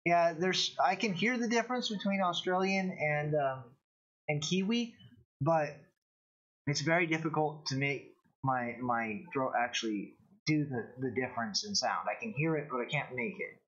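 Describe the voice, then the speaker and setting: A man with a fairly high voice rambles through casual stream commentary, stopping and restarting his sentences often. The audio is dull and lo-fi, like a cheap stream mic. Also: fairly bright tone. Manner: rambling, halting, many restarts. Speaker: show host.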